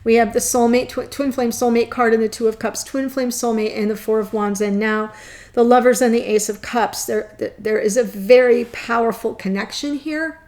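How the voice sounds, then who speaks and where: A woman's voice: on the high side, steady tone, normal speed, a little mellow. A woman giving a tarot reading to camera, gushing and tearful, laughing through her emotion. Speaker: tarot reader.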